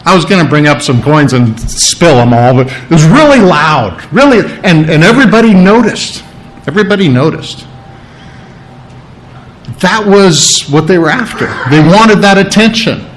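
A man's voice: fairly high pitch, animated, moderate pace, poor audio. A man preaching a conversational sermon, chatty, checking in with his listeners and imitating sounds.

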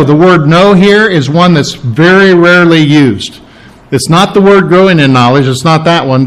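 A man preaching a sermon, animated and playing out quoted voices as he teaches. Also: fairly high pitch, rough recording. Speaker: pastor.

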